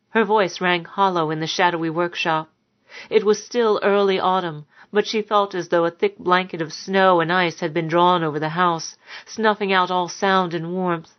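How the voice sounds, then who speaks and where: A woman narrating a dark story in a measured, somber way, on a dull lo-fi recording. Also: on the low side, fairly even intonation. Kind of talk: audiobook narration.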